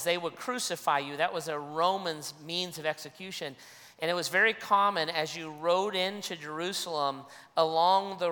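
A man's voice: fairly high pitch, pushed and bright, in a large hall. A man preaching a sermon as a pastor, earnest, often restarting and repeating his phrases.

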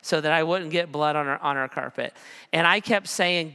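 A man's voice: fairly high pitch, normal speed, vocal fry, bright, forceful tone, smooth. A man in his forties preaching a sermon, telling a personal story in a conversational way with self-deprecating humor. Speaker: pastor. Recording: long hall reverb.

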